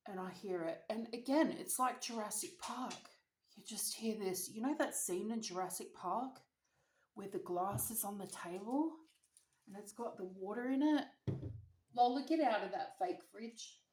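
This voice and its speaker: A woman's voice: medium pitch, moderate pace, darkish tone, slight background noise. A young woman with an Australian accent telling a dramatic, slangy story between bites, as a vlogger. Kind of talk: storytime while eating. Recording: echoey room.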